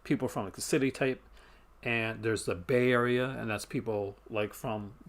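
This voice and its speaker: Chatting casually on a live stream, a man from Newfoundland speaks with a Canadian accent at normal speed and an ordinary mid-level pitch. He rambles, cuts himself off mid-sentence, and chuckles a lot.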